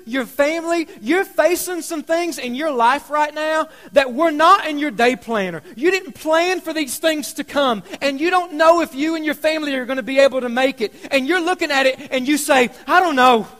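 Pastor, male, very high voice, chatty storytelling sermon with loud and hushed swings. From Kentucky.

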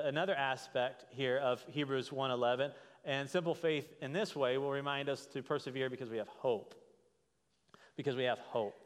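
A pastor preaching a sermon in a conversational way, often checking in with "right?". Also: male voice, mid-range voice. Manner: conversational, frequent "right?" tag questions. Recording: reverberant hall.

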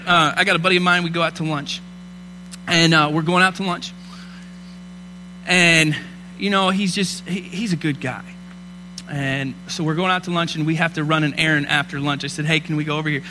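A man in his thirties delivers a sermon, moving between quiet storytelling and loud, fervent preaching. His voice sits high and sounds bright and forceful. A faint mains hum runs under the recording. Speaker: pastor.

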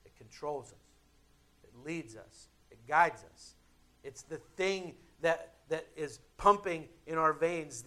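Man preaching with dramatic pauses. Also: fairly high pitch, sharp tone. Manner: conversational preaching with dramatic pauses and emphatic builds. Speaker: pastor. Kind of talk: sermon.

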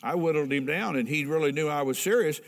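A man's voice: on the high side, fast talker. A middle-aged pastor preaching a sermon in a folksy, emphatic way, asking the congregation questions as he tells a story. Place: church hall with a congregation. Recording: long reverb in a large hall.

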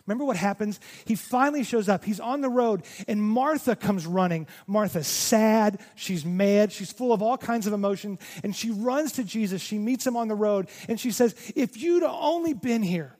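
Brief: male pastor, high voice, earnest sermon delivery, echo of a church hall. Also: moderate pace, hardly any pauses, a little mellow. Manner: earnest, repeating words when emphatic.

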